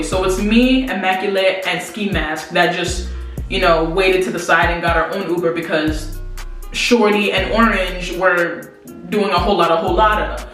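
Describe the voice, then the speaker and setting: A young woman telling a story to her viewers in a lively, slangy way, talking straight to them. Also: on the low side, normal speed. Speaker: vlogger. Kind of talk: casual storytelling to camera. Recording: very echoey room, distant mic, faint music.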